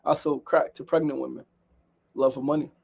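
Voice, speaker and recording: A man's voice: mid-range voice, flat delivery, a little fast, vocal fry, darkish tone. A man hosting a daily show, speaking candidly in a reflective solo monologue and often repeating himself. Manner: candid, repetitive, storytelling with acted quotes.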